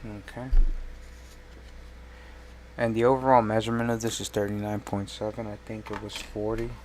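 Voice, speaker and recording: A man's voice: on the low side, level tone, normal speed, slight background noise. A man live-streaming while he works on a design, thinking aloud in a rambling, self-correcting way.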